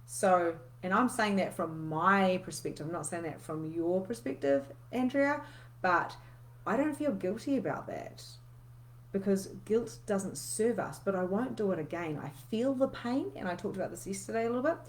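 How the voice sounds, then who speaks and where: A woman's voice: mid-range voice, lively intonation, normal speed. A woman, coaching in a casual, candid live session where she swears freely and reads out viewer comments.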